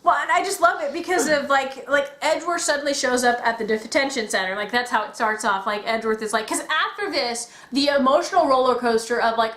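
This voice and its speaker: A woman chatting casually as a podcast co-host, acting out quotes with big jumps in pitch. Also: brisk, few pauses, a bit bright. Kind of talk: casual chat about video games. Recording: echoey room.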